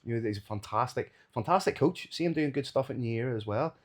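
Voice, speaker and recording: A man's voice: mid-range voice, expressive, fast talker. A man with a Belfast accent, a combat sports commentator being interviewed, talking casually and enthusiastically and laughing easily. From Northern Ireland.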